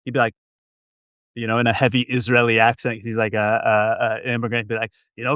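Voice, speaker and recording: A man's voice: medium pitch, little pitch movement, fast, fairly bright tone, clean tone, dry recording, clean studio sound. Rambling, self-deprecating man telling stories. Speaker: guest, venture investor. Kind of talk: casual interview storytelling. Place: at his computer, remote.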